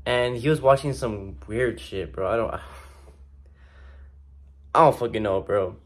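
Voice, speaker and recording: A man's voice: medium pitch, a little slow. A young man ranting in a casual, slangy way, exasperated and swearing a lot. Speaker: vlogger. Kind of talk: casual rant to camera.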